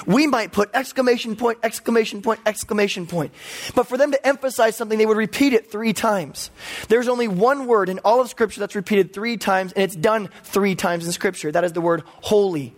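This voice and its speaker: A man who is a pastor, preaching a teaching sermon and explaining scripture with playful asides. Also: high voice.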